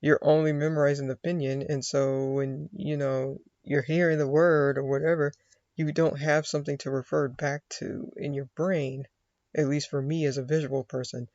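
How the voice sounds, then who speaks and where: A man from the United States talks in a loose, rambling way, often acting out his own inner voice. His voice sits a bit high and has a lot of gravel. The sound is dry and slightly dull. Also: flat delivery, normal speed, darkish tone, no room sound. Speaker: vlogger. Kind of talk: casual rambling monologue.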